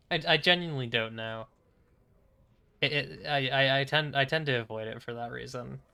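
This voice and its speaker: A man's voice: mid-range voice, normal speed, vocal fry, sharp tone, clean tone. A young man streaming a game, chatting casually in a rambling, hesitant way with frequent chuckles. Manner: rambling, hesitant, lots of fillers and restarts, chuckling. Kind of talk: casual chat while playing a game.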